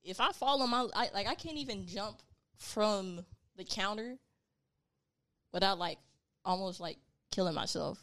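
A woman's voice: mid-range voice, unhurried, pauses often, a bit bright. A young woman co-hosting a casual chat, talking loosely and filling gaps with "like.". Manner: chatty, trailing off with lots of "like".

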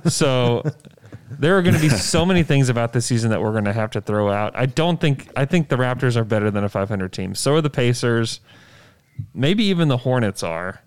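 A man's voice: medium pitch, lively intonation, normal speed, smooth, dry recording. A man co-hosting a casual sports podcast, rattling off standings and numbers with emphasis. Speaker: podcast co-host.

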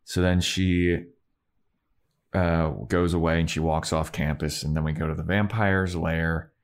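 A man's voice: sits low, little pitch movement, measured pace, smooth. A man co-hosting a podcast, recapping an episode in breezy, profane casual chat. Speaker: podcast co-host.

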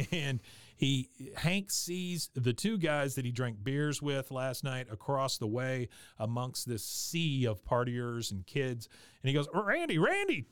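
A man's voice: medium pitch, clear, resonant tone, no echo, clean studio sound. A man hosting a podcast, casually recapping a cartoon episode in a rambling way, with lots of fillers and goofy voices for the quotes. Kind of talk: casual chat.

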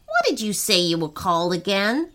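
A woman voicing a lazy, sluggish green iguana in a children's storybook, talking slowly and languidly. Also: medium pitch, huge pitch swings, fairly bright tone, a little hiss or hum. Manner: slow, languid, unbothered.

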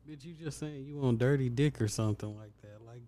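A man's voice: medium pitch, fairly quick, mellow. A man co-hosting a podcast, mostly dropping short, wry remarks into casual chat.

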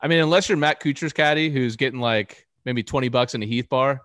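A young man in a relaxed podcast chat, stating figures plainly and adding the odd joke. His voice sits in a middle pitch, and the recording is close and dry. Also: fairly quick, no echo. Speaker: podcast co-host. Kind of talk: casual chat.

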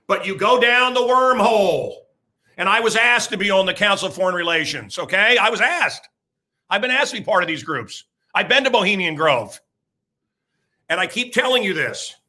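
A man in his sixties, a radio host, ranting loudly and emphatically, rambling and repeating himself, with crude jokes and bursts of shouting. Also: high voice, expressive, normal speed. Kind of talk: ranting talk-show monologue.

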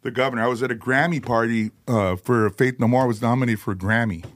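Man, middle-aged, lively swearing storyteller, mid pitch, studio mic. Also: fast talker. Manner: animated, laughing, acts out others' voices, swears freely. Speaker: metal vocalist, podcast guest. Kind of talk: casual storytelling chat. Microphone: podcast studio mic.

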